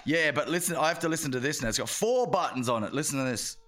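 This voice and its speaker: Irish guy cohosting a comedy podcast, bright tense voice, a bit high, rambly and laughy. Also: quick pace. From Ireland. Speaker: podcast co-host. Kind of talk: casual comedic chat. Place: podcast studio.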